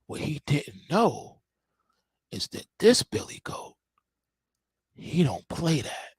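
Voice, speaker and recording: A man voicing a gentle mother telling a bedtime story in a low, hushed, slang-laced way. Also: very animated, slow pace, breathy edge, no echo, full character voice. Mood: soothing.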